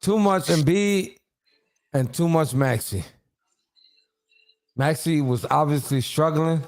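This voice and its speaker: A man hosting a casual sports podcast, animated and ranting, cutting in to finish his point. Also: fairly high pitch, slow pace. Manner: animated, ranting, talks over others. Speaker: podcast host.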